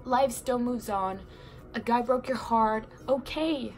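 A young female vlogger talks slowly in a voice on the high side, with soft music in the background. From her bedroom at home she gives casual breakup advice, chatty and wandering, with many fillers and self-corrections, and she sounds slightly ill and congested.

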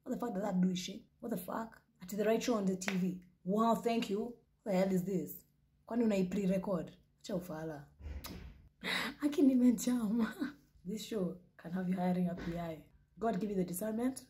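A young Kenyan woman hosting a reaction show, talking loudly and profanely and slipping into Swahili. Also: medium pitch, fairly quick, slight background noise. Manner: loud, profane, switches into Swahili. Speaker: host reacting to a video. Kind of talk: casual reaction commentary.

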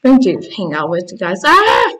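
A woman hosting a gaming channel, giving excitable casual commentary while playing and reading game text aloud, squealing when panicked. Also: medium pitch, slow pace, low-quality recording. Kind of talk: casual let's-play commentary.

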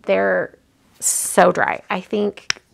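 A card-making livestream host chats and gushes as she opens cards her viewers mailed in, thinking aloud with lots of fillers. Her mid-range voice has vocal fry, a fairly even intonation, and an extremely slow pace.

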